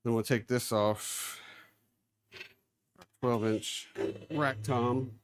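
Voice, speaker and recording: Male streamer, mid-pitched, easygoing running commentary while he works, drifts around the room. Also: fairly even intonation, extremely slow, a little hiss or hum. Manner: chatty, narrating his own hands-on tasks, moving around the room. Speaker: livestream host. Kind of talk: casual live-stream chat while working. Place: indoor room with carpeted floor.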